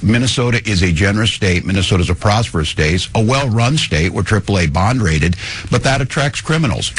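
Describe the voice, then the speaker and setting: A man serving as a state governor, answering an interviewer in a measured, defensive way. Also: lowish voice, breathy edge.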